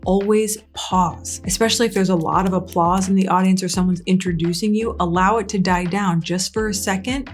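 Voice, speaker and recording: A middle-aged woman coaching public speaking straight to camera, energetic, asking the viewer questions and dropping her voice low on key points. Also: fast, hardly any pauses, faint music behind. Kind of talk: direct-to-camera coaching talk.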